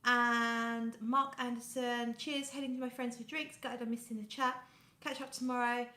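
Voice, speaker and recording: A woman's voice: on the high side, little pitch movement, normal speed, reverberant. A British woman hosting a casual fragrance live stream, greeting viewers by name and reading out their comments. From United Kingdom. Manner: coos softly when talking to her cat. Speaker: fragrance livestream host. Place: home room.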